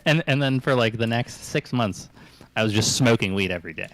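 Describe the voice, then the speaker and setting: A man's voice: mid-range voice, brisk. A man hosting a call-in stream, telling rambling stories with lots of fillers and laughs. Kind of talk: casual chat.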